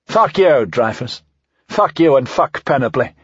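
A man voicing a bitter, defiant conspirator near death, his words slurred and slow in an audiobook reading. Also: fairly low pitch, very animated, husky, no echo, dull audio, full character voice. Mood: furious. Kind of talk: audiobook character voice.

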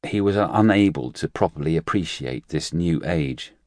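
A man narrates a novel in a deep, low voice with measured, even pacing. The recording is dry and close, with no room sound. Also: no echo. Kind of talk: audiobook narration.

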